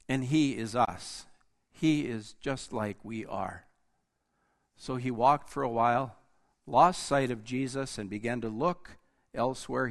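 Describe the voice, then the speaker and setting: A man preaching a sermon, slow and deliberate, rising in force and then dropping almost to a hush. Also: medium pitch. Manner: slow, deliberate preaching that rises and drops to near-quiet.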